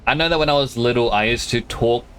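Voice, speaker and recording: A man's voice: mid-range voice, fast talker, a bit bright, clean tone. A man casually chatting to his viewers while playing a game, rambling from one thought to the next. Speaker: streamer. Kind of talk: casual gameplay commentary. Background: game music.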